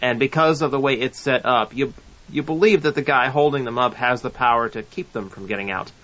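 A man's voice: medium pitch, brisk, fairly bright tone, lo-fi sound. A man co-hosting a casual wrestling chat, talking in a rambling, sarcastic way. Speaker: podcast co-host.

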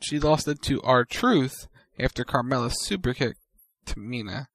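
A man's voice: mid-range voice, animated, unhurried, a bit bright, no room sound. A man co-hosting a casual wrestling recap, giving brief matter-of-fact summaries. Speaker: podcast co-host.

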